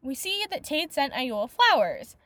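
A woman's voice: high voice, very animated, moderate pace, fairly bright tone, no echo. A woman hosting a book podcast, ranting in a casual, exasperated way, swearing often and filling her talk with "like". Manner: rants exasperatedly, swears often, many "like" fillers. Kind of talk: casual book review monologue.

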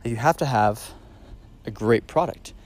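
A man's voice: medium pitch, normal speed, darkish tone. Male podcast host, solo monologue; casual, filler-heavy, eager emphasis on key points. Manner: casual, rambling, many fillers and restarts.

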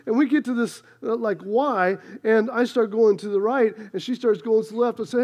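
High-voiced man preaching with playful humor. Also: normal speed, few pauses, a little mellow. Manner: chatty, self-deprecating storyteller. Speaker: pastor. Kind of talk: sermon with a humorous personal story.

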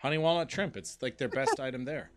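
A man co-hosting a casual gambling stream, loud and rambling, swearing freely as he chats with friends. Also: mid-range voice, expressive, fast talker. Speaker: podcast co-host. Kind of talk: casual banter while playing slots.

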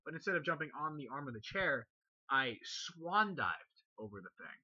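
A man's voice: a little high, big pitch swings, normal speed, pushed and bright, no room sound, muffled recording. A man hosting a casual podcast who tells rambling stories, repeats himself and swears freely among friends.

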